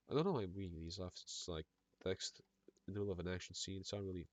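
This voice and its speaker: A man's voice: low voice, fast talker, dry recording. A man with an Eastern European accent reading a film script aloud for laughs, doing every part and stumbling over words with side comments. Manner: reads all parts in one voice, stumbling over words and adding asides. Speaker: script reader. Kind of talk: comedic script read-through.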